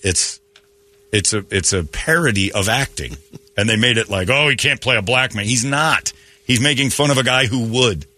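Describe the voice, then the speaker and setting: A man's voice: medium pitch, normal speed, sharp tone, dry recording. A man hosting a morning radio show, ranting bluntly and joking in opinionated banter.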